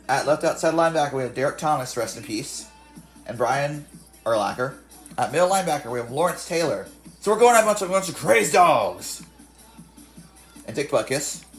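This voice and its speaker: A young man hosting a casual video game commentary, reading off rosters and stats and often correcting himself. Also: medium pitch. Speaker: video game channel host.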